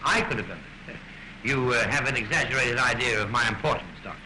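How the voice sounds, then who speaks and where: A man's voice: medium pitch, quick pace, pushed and bright, low-quality recording. An actor playing a weary, wry middle-aged king of a small nation, speaking in a dry, ironic, understated way, in 1930s film style. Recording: hissy early 1930s film soundtrack.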